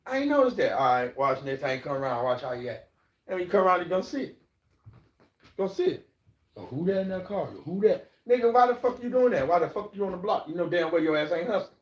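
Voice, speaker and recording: A man's voice: on the high side, expressive, fast talker, muffled recording. Blunt, profane man preaching in an echoey room. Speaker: podcast host. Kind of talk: livestream monologue giving life advice.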